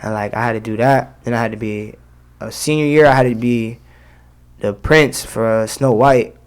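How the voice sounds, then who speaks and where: This rapper guest is a young man with a medium-pitched, clear, resonant voice, speaking at normal speed. He chats casually in the interview, loose and full of slang and filler words.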